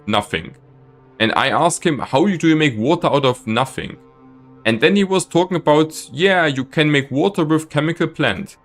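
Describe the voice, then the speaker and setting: Man streaming a game, exasperated rant at chat, lively up-and-down pitch, slightly high voice, faint game music behind. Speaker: live streamer. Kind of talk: casual gameplay commentary.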